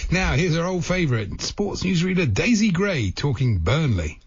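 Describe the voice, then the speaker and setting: A man's voice: a little high, big pitch swings, measured pace, husky, dry recording. A man co-hosting a sports radio show, introducing clips and laughing along in casual banter. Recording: dull dry lo-fi radio audio.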